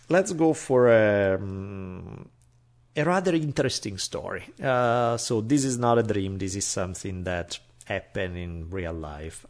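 In a lowish, creaky voice, a man tells a personal story in casual chat. He's animated and acts out the voices of the people he quotes.

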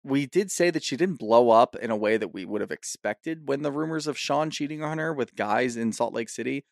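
A man's voice: medium pitch, creaky, no room sound, studio quality. A man co-hosting a podcast, chatting casually and floating theories about a reality show. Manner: chatty, theorizing, quick to riff. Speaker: podcast co-host. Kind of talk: casual recap chat.

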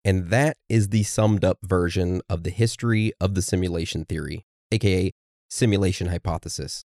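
Low male voice, podcast co-host who leads the segments, plain dry recording. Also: moderate pace, darkish tone, no room sound. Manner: steers the episode, reads from notes. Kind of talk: casual podcast chat.

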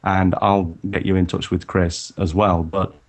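Low-voiced man rambling about workshops. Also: little pitch movement, measured pace. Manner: rambling, many restarts and fillers. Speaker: photography workshop leader, guest. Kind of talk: casual podcast chat.

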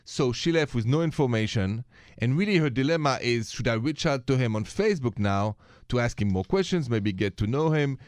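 A man's voice: medium pitch, animated, fairly quick, clear, resonant tone, no room sound, studio quality. A man with a French accent co-hosting a radio talk show, chatty and easygoing as he reads out listener emails. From France. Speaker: radio co-host.

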